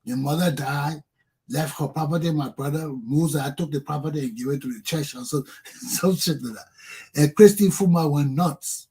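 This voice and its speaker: A man's voice: a little high, normal speed, warm tone, slightly rough. A man with a Liberian English accent hosting a talk show, delivering an angry, profane political monologue. He keeps repeating phrases and ends lines with "man".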